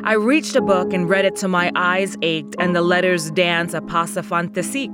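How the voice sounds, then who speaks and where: A woman narrating a classic story in a slow, measured, wistful way. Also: fairly low pitch, steady tone, loud music behind the voice.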